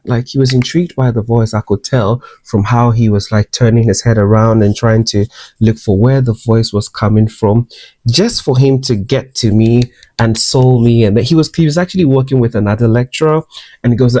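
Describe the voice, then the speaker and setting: A young man with a Ghanaian English accent, an expressive storyteller who tells his own life story in a personal vlog. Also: mid-range voice, normal speed, dry recording. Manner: expressive, switches into lively quoted voices. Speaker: makeup artist and singer.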